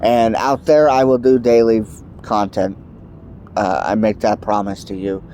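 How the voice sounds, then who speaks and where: A man's voice: fairly low pitch, flat delivery, measured pace, warm tone, slight background noise. A man vlogging a heated political rant to camera, angry and emphatic, sounding stuffed up from allergies. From United States.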